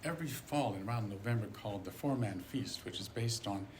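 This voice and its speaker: A man's voice: on the low side, brisk. A man introducing a guest speaker in a chatty, rambling way, with laughter and asides. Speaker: event host introducing the speaker. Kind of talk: casual introduction. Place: lecture hall at a seminary. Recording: echoey room with faint background noise.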